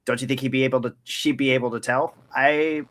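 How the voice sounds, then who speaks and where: A man's voice: medium pitch, steady tone, brisk, fairly bright tone. A man co-hosting a podcast, giving blunt, opinionated takes in casual chat. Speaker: podcast co-host.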